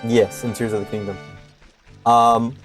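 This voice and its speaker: A man's voice: mid-range voice, flat delivery, unhurried, soft background music. Young man streaming a game, hesitant. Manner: hesitant, many fillers. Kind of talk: casual gameplay commentary.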